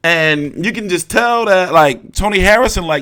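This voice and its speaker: A young man reacting to a press conference in casual, profane commentary, often jumping into loud, excited outbursts. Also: sits high, moderate pace. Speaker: boxing commentator.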